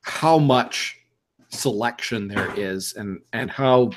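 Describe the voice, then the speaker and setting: A man co-hosting a casual beer podcast, reacting quickly and lively. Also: lowish voice, a little hiss or hum. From Canada. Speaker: podcast co-host. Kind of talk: casual chat.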